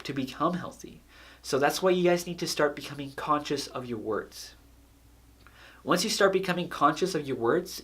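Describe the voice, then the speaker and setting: A man's voice: fairly high pitch, fairly bright tone. A man speaking earnestly to camera in a casual motivational talk, repeating phrases and laughing at his own jokes.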